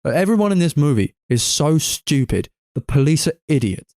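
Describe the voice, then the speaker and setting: A man's voice: fairly high pitch, sing-song, normal speed, darkish tone, dry recording, clean studio sound. A man co-hosting a casual movie review podcast, sarcastic and mocking, swearing freely. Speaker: podcast co-host.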